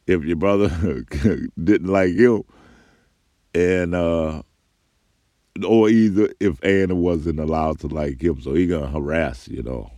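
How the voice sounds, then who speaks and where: A man's voice: low voice, a little slow, warm tone, dry recording. An older man telling a rambling, profane story from his own life in a casual spoken way. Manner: rambling, profane, laughs between phrases.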